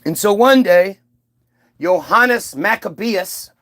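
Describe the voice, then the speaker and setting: A man with a notably high-pitched voice talks through a loose, casual monologue. He rambles, swears freely and takes a mocking tone, circling back with asides and restarts. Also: animated, takes it slowly, pushed and bright. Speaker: commentator.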